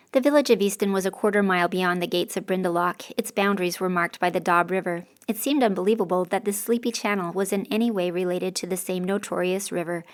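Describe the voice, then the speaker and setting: A woman reading a first-person novel aloud as an audiobook narrator, with a dry, sardonic delivery. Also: on the low side.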